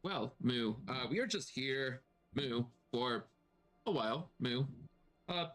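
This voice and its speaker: Man voicing bandit calf, mid pitch, moos after each phrase, slow drawn-out lines, faint background music. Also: lively intonation, fairly bright tone. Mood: mock polite. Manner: tacks a "moo" onto nearly every phrase. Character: bandit turned into a tiny calf, male adult. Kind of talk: tabletop role-play improv.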